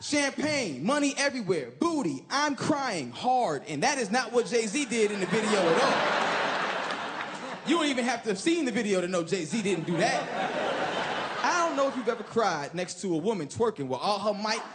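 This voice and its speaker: Male stand-up comic, high voice, brash and animated delivery, noisy live stage mic. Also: moderate pace. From Chicago. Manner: animated and profane, shouting punchlines. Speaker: stand-up comedian. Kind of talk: stand-up comedy set. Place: comedy stage before a laughing live audience. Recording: loud live room noise.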